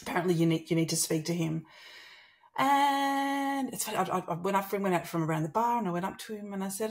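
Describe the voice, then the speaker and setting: Lively Australian woman telling her story. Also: medium pitch, a little fast. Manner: animated, acts out quoted dialogue. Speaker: guest. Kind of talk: personal storytelling in conversation.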